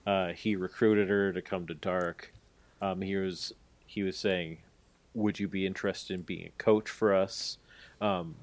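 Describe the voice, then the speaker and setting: A man co-hosting a podcast, recapping a story in a rambling, hedging way with lots of fillers. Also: low-pitched. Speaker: podcast co-host. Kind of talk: casual podcast chat.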